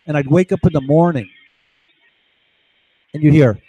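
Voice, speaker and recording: Agitated man rambling, slightly high voice. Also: moderate pace, warm tone, breathy edge, dry recording, muffled recording. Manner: agitated, digressive, many restarts and "right?" tags. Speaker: vlogger. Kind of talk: rambling monologue to camera. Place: home.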